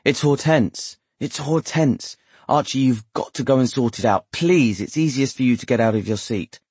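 A woman's voice: sits low, expressive, fairly quick, a little mellow, slightly rough, dry recording, voice pushed up. A man voicing an anxious middle-aged wife who pleads urgently and slips into Jamaican patois in a storybook reading. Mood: urgent pleading.

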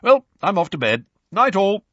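A man's voice: sits high, big pitch swings, moderate pace, a bit bright, breathy edge, no room sound, lo-fi sound, voice pushed up, full character voice. A man voicing a pompous teenage wizard schoolboy who talks sagely. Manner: pompous, sage.

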